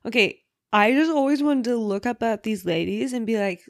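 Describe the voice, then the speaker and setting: A woman's voice: on the high side, expressive, moderate pace, dry recording, studio quality. A woman hosting her own podcast, talking casually and candidly, with the odd swear word, from bed at home. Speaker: podcast host. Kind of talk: casual solo podcast chat.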